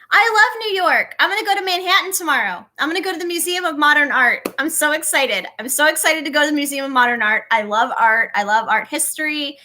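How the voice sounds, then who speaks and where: A woman's voice: high voice, bright, forceful tone. A young woman reading tarot on a live stream, chatting casually and greeting viewers by name.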